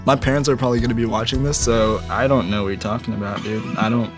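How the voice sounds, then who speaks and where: A man's voice: medium pitch, fairly even intonation, fast talker, over music. A young man from Indonesia, a rapper guest in a casual interview, talking in a laid-back, slangy way and laughing often. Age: young adult.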